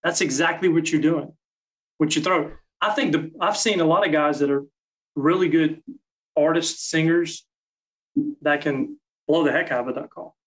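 Dude explaining how he blows a duck call, laid back, kinda high voice, lots of you knows. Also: normal speed, a bit bright, rough recording. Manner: practical, explains step by step with fillers. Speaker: guest, call maker. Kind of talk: casual technical explanation.

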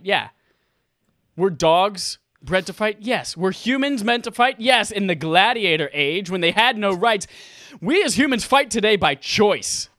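A man with a high voice that swings widely argues a comic mock court case, mock-formal and earnest with the odd curse. The sound is dry and close. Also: a bit bright, no room sound. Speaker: mock prosecutor.

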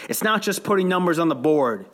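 A man's voice: high-pitched, animated, fairly quick, pitched above the performer's own voice. A man reading the part of a fiery male sales boss who rallies his team in a preachy, profane way.

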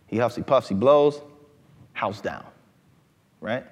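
A man giving an animated talk to a live audience in a lecture hall, often asking "right?". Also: medium pitch, slow, pauses often.

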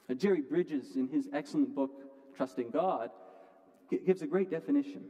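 A man preaching a sermon from the pulpit, earnest, often restarting words and moving between loud and quiet passages. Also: fairly high pitch, normal speed. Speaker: pastor. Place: church sanctuary. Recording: long hall reverb.

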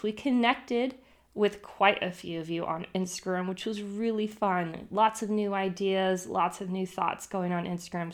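A woman who teaches, hosting an educational podcast in an upbeat, chatty way and laughing easily as she tells stories. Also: medium pitch.

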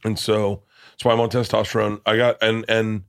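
A man hosting a podcast, chatting casually and candidly with quick reactions. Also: fairly low pitch, little pitch movement, vocal fry, clear, resonant tone, no room sound, clean studio sound. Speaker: podcast host.

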